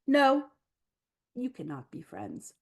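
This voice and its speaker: Woman doing a greedy, gruff big crocodile. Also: a little high, huge pitch swings, slow pace, darkish tone, exaggerated voice. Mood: blunt. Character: big hungry grown-up crocodile, blunt and greedy.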